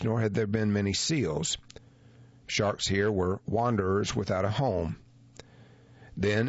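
A man reading a nonfiction article aloud as scripted narration, in a measured, even manner. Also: deep voice, no room sound. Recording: dull lo-fi dry recording.

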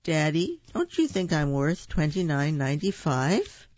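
A storyteller voicing a young girl who pleads with her father, in a whiny, higher voice, in a dull lo-fi recording. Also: very animated, measured pace, a little mellow. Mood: quiet.

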